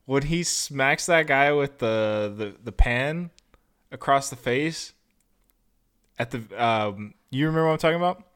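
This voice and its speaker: A young man co-hosts a laid-back movie review, talking in a loose, rambling way and slipping into goofy voices when he quotes scenes. His voice is smooth and clear, sitting at an ordinary middle pitch. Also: measured pace, a bit bright. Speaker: podcast co-host. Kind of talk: casual movie review chat.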